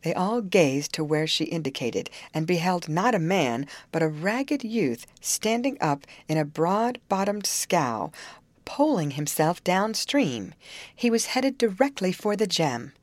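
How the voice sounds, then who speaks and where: A woman reading a children's novel aloud as an audiobook narrator, in an expressive storytelling way. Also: lowish voice, unhurried, no echo. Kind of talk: scripted narration.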